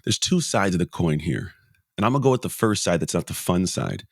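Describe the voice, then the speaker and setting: A man's voice: low-pitched, sing-song, fairly quick, gravelly, no room sound, studio quality. A middle-aged man from the United States, a podcast guest, talking emphatically and telling a story with repeated phrases. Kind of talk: motivational conversation.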